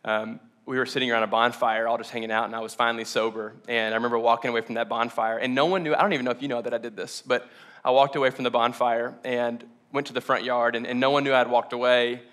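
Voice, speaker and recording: A young man preaches to his church, telling his own story in an earnest, halting way. His voice is bright and forward, and he sounds close to tears, pausing and restarting as emotion catches him. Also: medium pitch, level tone. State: choked up, near tears. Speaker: pastor. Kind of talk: sermon. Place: church hall with congregation.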